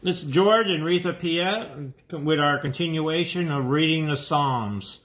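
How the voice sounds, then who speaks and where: A man reading psalms and prayers aloud in a measured, solemn way. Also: fairly high pitch, fairly bright tone, roomy sound. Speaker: scripture reader.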